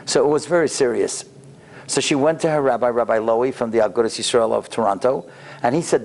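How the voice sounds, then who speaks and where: A rabbi giving a lecture in a synagogue, telling a story in an animated way and acting out the quotes. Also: male voice, mid-range voice, brisk, vocal fry. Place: synagogue sanctuary.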